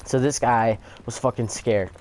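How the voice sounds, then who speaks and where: A man's voice: medium pitch, fairly even intonation, unhurried. Rambling, swearing young guy vlogger. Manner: rambling, swears a lot, fillers like "like". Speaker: YouTuber telling a story time. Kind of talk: casual story time over gameplay. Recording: gameplay gunfire noise behind. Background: video game gunfire.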